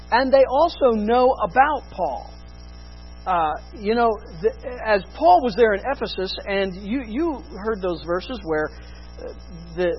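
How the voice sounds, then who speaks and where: Husky-voiced preacher going loud then quiet, muffled lo-fi sound, bit of music behind. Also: medium pitch. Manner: emphatic, swinging from loud to hushed. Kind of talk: expository sermon.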